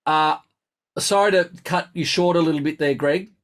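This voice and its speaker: A man's voice: fairly high pitch, normal speed, a bit bright. A man teaching brass in a live online lesson, chatty and instructive, thinking aloud as he explains.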